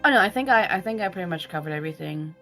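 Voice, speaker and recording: A woman's voice: fairly low pitch, animated, rapid-fire, pushed and bright, faint music behind. A woman co-hosting a podcast, talking in a candid, earnest and reflective way with some hesitation. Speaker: podcast co-host. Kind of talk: candid casual chat.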